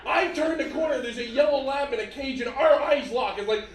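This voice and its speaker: A man's voice: very high voice, a little fast, distant mic, noisy background. A man in his fifties with a Philadelphia accent, telling jokes on a comedy club stage in a brash, punchy way. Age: 50s. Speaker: stand-up comedian. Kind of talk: stand-up comedy set. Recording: echoey club mic from afar, loud crowd.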